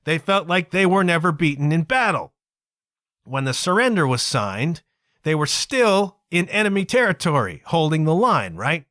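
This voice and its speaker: Canadian man, podcast host, rambling casual monologue, animated pitch, dry close sound. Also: normal speed, dry recording. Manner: chatty, digressive, tags lines with "okay?" and "kids".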